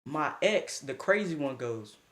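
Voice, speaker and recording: A young man casually telling a story, animated, slangy and breaking into laughing asides. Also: a little high, a little slow.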